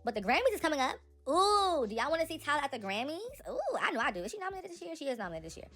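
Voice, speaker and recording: A young woman giving casual, animated celebrity gossip commentary, talking straight to her viewers. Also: high voice, very fast.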